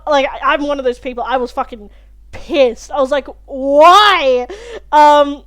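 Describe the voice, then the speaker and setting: A young woman hosting a reaction video, talking through an episode in a chatty, animated way and swearing freely. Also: high voice. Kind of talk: casual spoken review of a TV episode.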